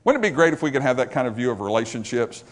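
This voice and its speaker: A man preaching a sermon, emphatic and repetitive, swinging from loud stresses to hushed lines. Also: mid-range voice, big pitch swings, very fast.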